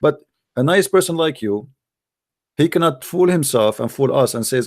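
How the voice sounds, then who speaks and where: A man with a gravelly, creaky voice hosts a call-in debate, blunt and scornful, hammering his points through repetition. The sound is dry and close to the mic. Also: on the high side, animated, moderate pace, darkish tone, no echo. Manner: blunt and scornful, repeats himself. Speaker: host of call-in debate show.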